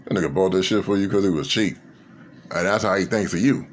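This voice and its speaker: A man's voice: low-pitched, quick pace, a little hiss or hum. A man talking to camera in a casual reflective monologue, rambling and profane, with many fillers. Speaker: vlogger.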